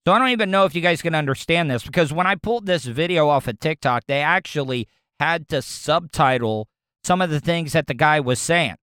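A man's voice: a little high, lively intonation, brisk, fairly bright tone, clear, resonant tone, no room sound, studio quality. A man with a Southern US accent hosting his own podcast, chatting loosely and rambling with repeated words. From American South. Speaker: podcast host. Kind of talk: casual solo podcast talk.

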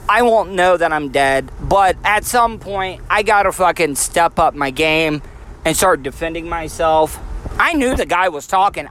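A man's voice: high-pitched, fairly bright tone, a little hiss or hum. A man venting in an agitated, profane rant for a vlog outside a gas station store.

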